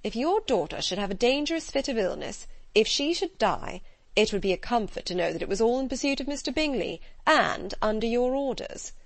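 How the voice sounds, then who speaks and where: A woman voicing a sardonic middle-aged father with a dry, measured manner in an audiobook. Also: a little high, very animated, gravelly, no room sound, voice pushed up. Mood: ironic.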